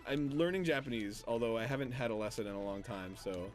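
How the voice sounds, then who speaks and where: A man's voice: mid-range voice, quick pace, faint music behind. A man co-hosting a casual chat, telling a funny story and acting out other voices. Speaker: co-host.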